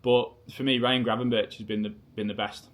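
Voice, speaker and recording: A man's voice: mid-range voice, level tone, fairly quick, a bit bright. A man in his thirties with a Lancashire accent, co-hosting a casual Q&A chat in a laid-back, rambling way. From Preston, England. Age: 30s. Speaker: co-host.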